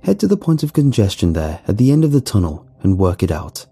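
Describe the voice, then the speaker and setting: A man voicing a calm, blunt male crew leader who speaks matter-of-factly. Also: fairly low pitch, a little fast, husky, faint music behind, full character voice.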